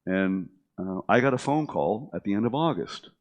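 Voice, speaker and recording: In a lowish voice at normal speed, with the high frequencies cut off, a middle-aged man relaxedly tells his own tale. He acts out quoted lines from other people with gusto, stumbling through fillers and restarts.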